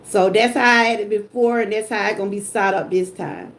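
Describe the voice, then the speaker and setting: A woman's voice: mid-range voice, steady tone, fairly quick, gravelly. An older woman, chatting emotionally with her live-stream viewers. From Georgia, US. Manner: emotional, talks straight to chat viewers. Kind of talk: casual livestream chat.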